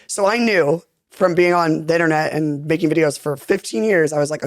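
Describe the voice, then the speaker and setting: A young woman chatting as a podcast guest, telling stories in an animated way with lots of fillers. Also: low voice, dry recording, clean studio sound. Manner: animated, rapid talker full of fillers. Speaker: podcast guest, content creator. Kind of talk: casual storytelling chat.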